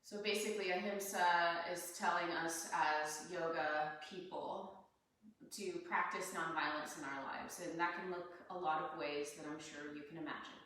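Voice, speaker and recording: A woman yoga teacher leading a class, talking students through their breathing in a calm, unhurried way. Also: low voice, a little hiss or hum. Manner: calm, unhurried guidance with soft laughs. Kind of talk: guided breathing instruction. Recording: echoey room, voice a bit far from mic.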